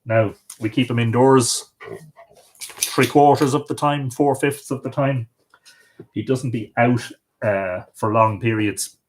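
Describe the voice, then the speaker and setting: A man's voice: mid-range voice, steady tone, slow, a little hiss or hum. A middle-aged Irish man hosting a casual livestream from home, talking in a rambling, chatty way. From Ireland. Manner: rambling, chatty, coaxing his dog in a sing-song voice. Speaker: livestream host.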